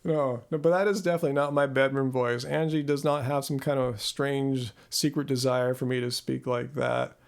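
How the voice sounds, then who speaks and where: A Southern California man hosts a live Q&A stream on his own microphone, chatting casually with viewers, laughing often and stumbling over repeated words as he restarts sentences. His mid-range, creaky voice is fairly even at a moderate pace, with hardly any pauses.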